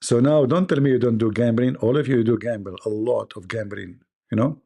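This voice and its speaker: Gravelly joking man telling stories. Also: mid-range voice, a little fast, warm tone. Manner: laughs at own stories, acts out dialogue. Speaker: live stream host. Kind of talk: joking live-stream monologue.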